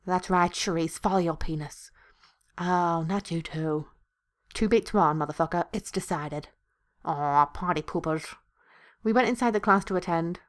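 A woman's voice: lowish voice, normal speed. A woman playing through a visual novel, reading every character's lines aloud with crude ad-libbed jokes and laughter. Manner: crude jokey ad-libs, laughing between lines. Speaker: let's play host voicing all characters. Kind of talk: comedic game dialogue read-aloud.

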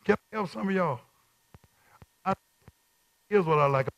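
High gravelly-voiced male preacher. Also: lively intonation, takes it slowly. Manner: call-and-response, repeats phrases, swings from quiet to shouting. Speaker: bishop teaching Bible study. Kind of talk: preaching Bible study.

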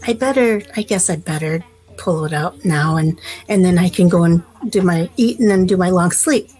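A woman's voice: lowish voice, mellow, husky, poor audio. A woman voicing a vain, boastful male bear in a spoken folk tale for children. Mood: eager. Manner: bragging, then slow and puzzled.

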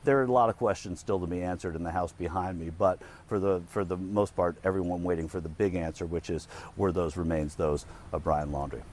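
A man giving a halting live news report on location, with many fillers. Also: deep voice, steady tone, darkish tone, slight background noise. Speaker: field reporter. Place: outdoors on location.

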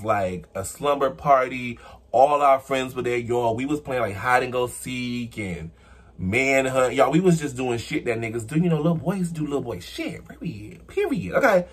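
A young man chatting casually on his vlog, answering viewer questions and telling stories with sudden high squeals and low murmurs. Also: animated, normal speed, husky.

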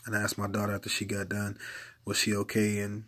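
A man's voice: on the low side, completely flat delivery, fast talker, a bit bright. A man preaching informally to camera in an earnest, exhorting way, repeating his points for emphasis. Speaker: lay preacher.

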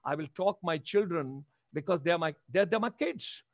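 An animated man in his seventies with an Indian accent speaks at normal speed in a slightly high voice, repeatedly and emphatically exhorting his audience in a motivational webinar held over a video call. There's no room sound, and the quality is studio-grade.

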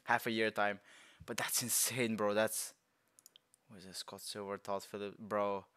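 A man's voice: on the low side, a little slow. A young man reacting to a movie trailer in loose, slangy, rambling chat. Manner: excitable, slangy, rambling, bursts into shouts and laughs. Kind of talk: casual reaction commentary.

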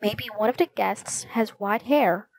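A woman voicing an excited, jokey young boy detective in a storybook reading. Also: mid-range voice, a little slow, creaky, no room sound. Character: cheeky, food-loving young boy.

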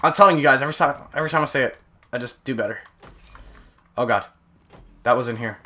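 Excitable young man gaming commentary. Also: medium pitch, quick pace. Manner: excitable, yelps and exclaims often. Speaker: gaming channel host. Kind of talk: live gameplay commentary.

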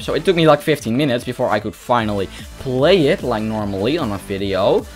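A European man giving excitable live commentary on a game, talking to opponents and to his viewers. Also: medium pitch, quick pace, few pauses. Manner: excitable, talks to opponents and viewers, yelps at kills. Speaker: gaming YouTuber. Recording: music playing under voice.

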